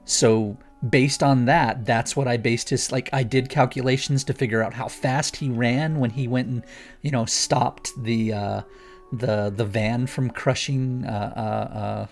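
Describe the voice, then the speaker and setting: Male guest, gravelly, eager rambling explainer, faint music under. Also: mid-range voice, fairly even intonation, a little slow. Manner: rambling, enthusiastic explainer with many restarts. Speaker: guest author. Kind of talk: casual chat.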